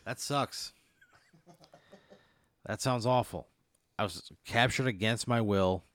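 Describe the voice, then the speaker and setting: A man's voice: on the low side, takes it slowly, a bit bright, no room sound. A man in casual chat who reacts in an exasperated way and swears freely.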